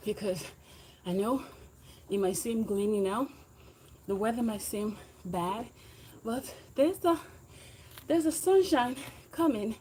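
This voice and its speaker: A woman's voice: mid-range voice, measured pace, long pauses, mellow, a little hiss or hum. A woman livestreaming while she exercises, chatting with viewers and cheering them on to keep going. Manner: encouraging, motivational, talks while exercising on a bike. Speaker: livestreaming fitness vlogger. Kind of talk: casual livestream chat with viewers.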